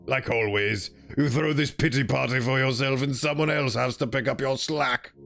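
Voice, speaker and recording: A man's voice: gravelly, fairly bright tone, faint music behind. A man voicing a bitter, tired young man who talks down to others with cold contempt. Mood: contemptuous. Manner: cold, contemptuous, slow and low.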